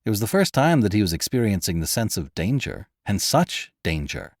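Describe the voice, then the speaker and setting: A man narrating a classic adventure story in an expressive, dramatic way, as host. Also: fairly low pitch, normal speed, dry recording, clean studio sound. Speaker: audiobook narrator and podcast host.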